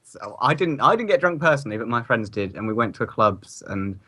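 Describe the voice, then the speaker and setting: A man rambles through casual chat before a tabletop game. His voice is middle-pitched, and his humour is dry and wry. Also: big pitch swings, fairly quick, bright, forceful tone. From England. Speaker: player.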